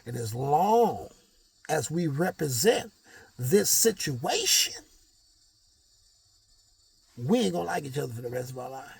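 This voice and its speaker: A man's voice: a little high, sing-song, measured pace, vocal fry, pauses often, a little mellow, husky, no room sound. A man vlogging a rambling, slangy motivational monologue.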